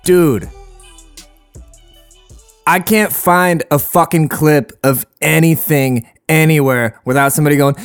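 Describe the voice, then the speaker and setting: A man's voice: on the high side, slow, long pauses, smooth, no room sound, clean studio sound, faint music behind. A man hosting a podcast, ranting in a loose, rambling way full of swearing. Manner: rambling, profane, laid-back. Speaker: podcast host. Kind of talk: casual profane rant. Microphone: close podcast mic.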